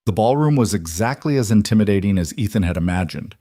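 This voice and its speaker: Brief: male storyteller, low, measured, dry close mic. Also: animated, warm tone, no echo. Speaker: narrator. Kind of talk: scripted story narration.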